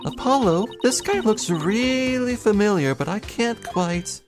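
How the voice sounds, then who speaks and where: A man voicing an excitable young girl who gushes with excitement. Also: high voice, unhurried, over music. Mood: excited. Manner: gushing, excited.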